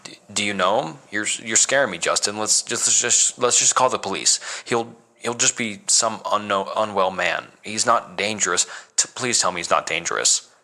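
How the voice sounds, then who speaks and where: A man's voice: fairly low pitch, normal speed, bright, forceful tone. A man voicing a frightened young woman in a spoken horror story, stammering and pleading.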